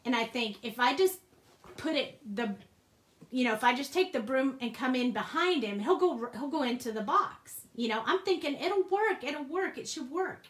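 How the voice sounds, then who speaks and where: Woman craft host, bubbly storyteller, higher voice, echoey room. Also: normal speed. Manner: animated, laughs often, acts out quoted voices. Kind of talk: casual storytelling while crafting.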